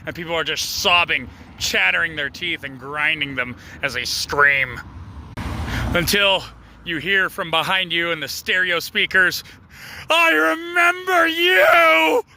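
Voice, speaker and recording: A man's voice: a little high, measured pace, pushed and bright, slight background noise. A man giving a casual comedic monologue, describing an idea with wry, mock-grand storytelling. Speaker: video creator.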